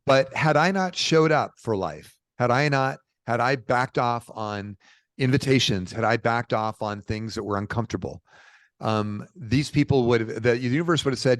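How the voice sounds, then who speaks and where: A middle-aged man from Portland, Oregon, telling stories as a podcast guest in a lively, informal way. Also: medium pitch, normal speed, dry recording. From Portland, Oregon, USA. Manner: animated, informal, peppered with "dude" and "bro". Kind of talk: casual conversational storytelling.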